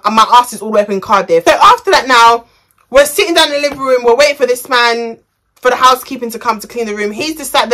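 A woman's voice: on the high side, sharp tone. A young woman telling a story on her vlog in a chatty, slangy, rambling way. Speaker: vlogger.

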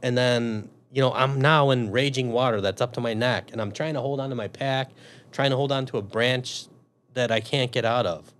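In a mid-range voice at normal speed, a Chicago man who served in the army and works as a police officer tells a long story during a casual interview. Animated and profane, he acts out the thoughts he had back then.

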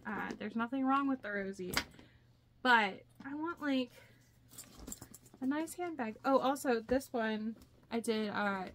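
A young woman vlogger chatting casually as she shows her handmade bags, with lots of fillers and excitement. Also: fairly high pitch, a little hiss or hum. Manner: chatty, filler-heavy, enthusiastic. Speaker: crafting vlogger. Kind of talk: casual show-and-tell vlog.

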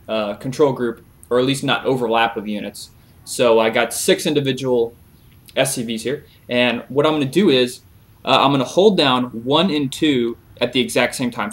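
A young man casually explaining a video game trick over a replay, relaxed, with frequent filler words. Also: mid-range voice. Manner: relaxed, many "uh" fillers, chuckles. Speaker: gaming video creator.

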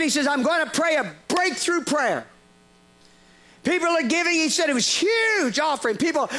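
A male preacher delivers a sermon story in a very high, bright voice. He is animated and laughs often, stumbling over restarts as he goes.

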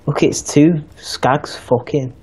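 A man's voice: fairly high pitch, steady tone, slow, a little mellow. A young man casually bantering and swearing while playing a video game. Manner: crude, teasing, swears a lot. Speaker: game commentator.

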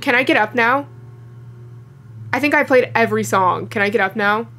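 A woman's voice: a little high, normal speed, sharp tone, faint music behind. A woman playing a horror game and giving casual commentary, sarcastic and joking as she goes. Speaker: gameplay commentator.

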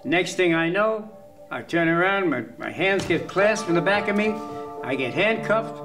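A man telling rough, rambling, profane stories in a casual interview. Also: sits high, animated, moderate pace, poor audio. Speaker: interviewee, film extra. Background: background music.

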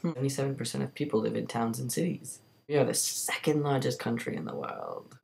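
Creaky-voiced young man vlogging. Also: medium pitch, expressive, fast talker, hardly any pauses, darkish tone. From Canada. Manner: chatty, rambling, joking, lots of "like" and "um". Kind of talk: casual vlog chat to camera. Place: bedroom.

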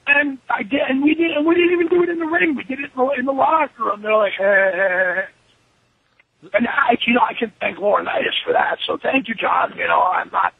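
A man guest telling wrestling stories over the phone, profane and animated, acting out other people's lines as he goes. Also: very high voice, fast talker, creaky, few pauses, slightly rough, dry recording. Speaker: wrestler being interviewed. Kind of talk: profane storytelling interview. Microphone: telephone. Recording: tinny phone line.

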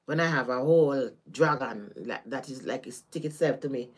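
A woman's voice: rumbling low, moderate pace, husky. A woman with a Caribbean accent giving a casual tarot reading on a livestream, chatty and often laughing. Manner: chatty, laughing, drifting between topics. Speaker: tarot reader.

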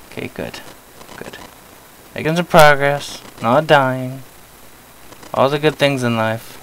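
A young man talks his way through a horror game in loose, joking asides. He yelps and swears mildly whenever something startles him. His voice sits at an everyday male pitch. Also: takes it slowly, creaky, a bit bright, low-quality recording. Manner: jumpy, yelps when startled, jokey self-talk. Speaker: gameplay commentator. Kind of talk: horror game let's play commentary.

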